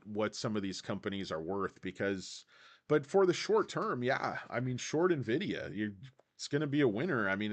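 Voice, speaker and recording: A man hosting a casual stock market video, rambling with many fillers and talking straight to his viewers. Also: lowish voice. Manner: rambling, full of fillers, keeps addressing "guys". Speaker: stock channel host.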